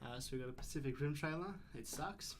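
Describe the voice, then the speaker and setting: A man's voice: on the high side, fast, background noise. A man hosting a film podcast, chatting casually and giving blunt, opinionated verdicts. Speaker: podcast host. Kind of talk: casual chat.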